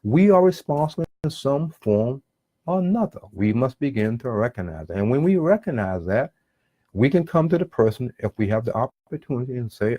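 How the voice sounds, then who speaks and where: A man's voice: mid-range voice, very animated, fairly quick, mellow, no room sound. A man preaching a sermon on relationships in an earnest, repetitive way, often acting out what people might say to each other. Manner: earnest, repetitive, acts out quoted dialogue.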